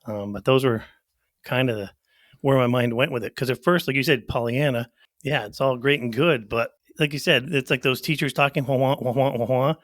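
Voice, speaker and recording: A man's voice: mid-range voice, normal speed, fairly bright tone, no echo. A middle-aged man speaks in a mid-range voice as a podcast co-host. He is reflective and pokes fun at himself, laughing easily. The sound is dry and close. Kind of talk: casual podcast chat.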